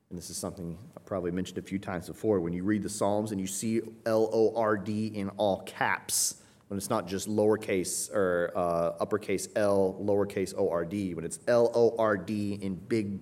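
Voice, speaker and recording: A man preaching an expository sermon in a conversational teaching manner, rising to emphatic cries when he voices the pleas he quotes. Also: lowish voice. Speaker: pastor.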